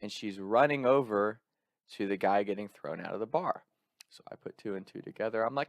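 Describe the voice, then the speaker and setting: A young man casually telling a personal story in an animated way, laughing often and swearing freely. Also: fairly low pitch, normal speed, vocal fry, dry recording, clean studio sound.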